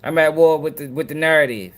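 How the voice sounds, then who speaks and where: A man's voice: on the high side, fast, noisy background. A man hosting a commentary show, reacting to clips in slangy, profane casual talk aimed straight at his viewers.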